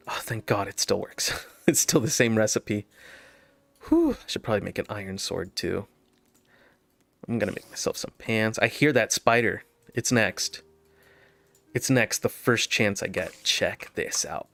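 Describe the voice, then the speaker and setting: A man's voice: on the low side, moderate pace, a bit bright, dry recording. A man telling a story while playing a game, rambling with many fillers and nervous laughs. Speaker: gaming video host. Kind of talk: casual gameplay commentary with storytelling.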